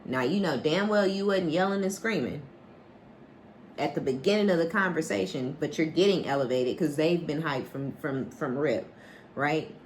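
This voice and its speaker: A woman's voice: low-pitched, normal speed, a little hiss or hum. A woman giving a casual collective tarot reading, blunt and profane, often asking "right?" and acting out bits of dialogue. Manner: animated, acts out quoted dialogue. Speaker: psychic tarot reader.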